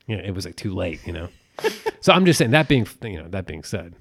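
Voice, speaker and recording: A man's voice: low-pitched, big pitch swings, fairly quick, fairly bright tone, husky, dry recording, studio quality. A man in his thirties co-hosting a podcast in casual chat, crude and joking, slipping into goofy impressions. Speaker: podcast co-host.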